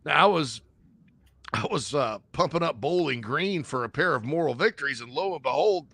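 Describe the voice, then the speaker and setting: A man co-hosting a casual sports talk show, rambling and joking with sudden jumps in pitch. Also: animated, normal speed, fairly bright tone, breathy edge, no echo.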